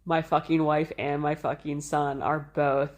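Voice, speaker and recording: With a voice that sits low and a measured pace, this woman co-hosts a podcast. In her thirties, she laughs her way through an animated personal story, swearing freely.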